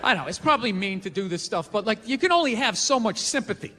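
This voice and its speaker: Male stand-up comic, profane ranter, high and sharp, shouts his punchlines, live stage reverb. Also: animated, fast, a crowd in the background, background noise. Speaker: stand-up comedian. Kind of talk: stand-up comedy routine.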